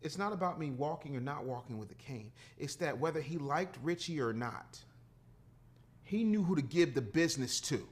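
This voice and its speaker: A man's voice: a little high, animated, normal speed. A man in his fifties, a podcast guest and entrepreneur, talking in a blunt, emphatic, profane way with a preaching cadence. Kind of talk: casual podcast conversation.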